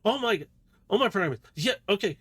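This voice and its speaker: Guy doing a flustered lady officer yelling orders, higher voice, all panicky. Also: expressive, husky, full character voice. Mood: frantic. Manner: urgent, rapid, flustered calling out.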